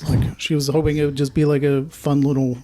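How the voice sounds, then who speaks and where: Chatty podcast co-host, mid pitch. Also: level tone, fairly quick, mellow. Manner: chatty, trailing fillers like "like". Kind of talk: casual book and movie chat.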